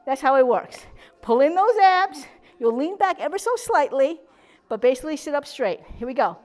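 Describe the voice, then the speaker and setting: A woman's voice: high voice, expressive, normal speed, a little mellow. A woman leading a chair exercise class, upbeat and encouraging, cheering with whoops and slightly out of breath. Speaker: fitness instructor. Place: senior center hall.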